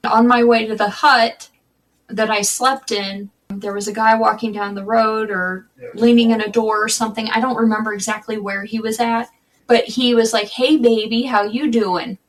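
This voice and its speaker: A woman's voice: fairly high pitch, little pitch movement, normal speed, recorded from a distance, low-quality recording. A woman guest on a podcast, telling her own life story candidly and conversationally, often restarting her sentences. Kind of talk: personal storytelling in a podcast interview.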